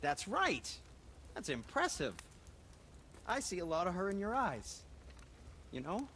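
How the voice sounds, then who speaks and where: Sindri, a fussy dwarf smith. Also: male voice, sits high, very animated, unhurried, pushed and bright, a little hiss or hum, full character voice. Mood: kindly. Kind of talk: video game voice acting.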